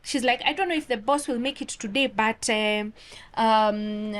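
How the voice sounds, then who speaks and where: A woman from Kenya, an orthodontist guest in a casual interview, telling a story in a lively way and acting out the dialogue. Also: on the high side, normal speed. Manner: animated, acts out quoted dialogue.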